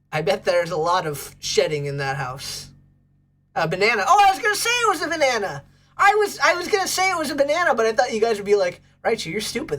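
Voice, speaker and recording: A woman's voice: medium pitch, fairly bright tone. A woman hosting a casual livestream, bubbly and gushing as she chats with viewers. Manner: bubbly, gushes over pets and thanks chat. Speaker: livestream host.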